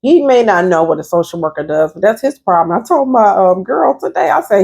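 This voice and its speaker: A woman's voice: fairly low pitch, expressive, brisk, few pauses, a little mellow. A woman therapist and life coach giving a chatty, emphatic motivational vlog talk straight to her viewers. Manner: chatty and emphatic, addresses viewers as "you all".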